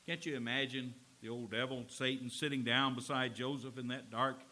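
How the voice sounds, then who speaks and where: A man's voice: mid-range voice, normal speed. A male pastor preaching a sermon in a church, speaking emphatically and acting out scenes as he goes. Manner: expressive, emphatic, dramatizes scenes. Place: church with a slide screen.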